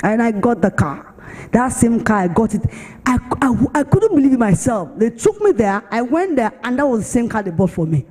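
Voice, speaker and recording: A woman pastor with a Nigerian accent, giving a sermon with an animated, storytelling testimony in a church hall. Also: fairly high pitch, moderate pace. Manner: animated storytelling, acts out other voices. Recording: long church-hall reverb.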